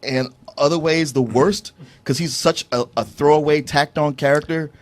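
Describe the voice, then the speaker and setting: A man co-hosts a casual film review podcast, making dry, sarcastic remarks. His voice sits a little high for a man. He talks in an easygoing way. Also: fairly even intonation, moderate pace. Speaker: podcast co-host.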